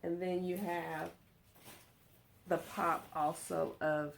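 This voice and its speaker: Slow, gravelly-voiced woman. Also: on the low side, slight background noise. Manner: chatty, excited, giggly, addresses viewers as y'all. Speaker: home decor vlogger. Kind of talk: casual chat to viewers. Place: her lounge room at home.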